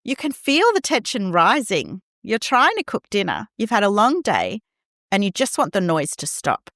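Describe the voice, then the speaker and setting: A woman hosting a parenting podcast, talking gently and reassuringly, acting out quoted lines in a scripted monologue. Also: mid-range voice, huge pitch swings, normal speed, dry recording, clean studio sound.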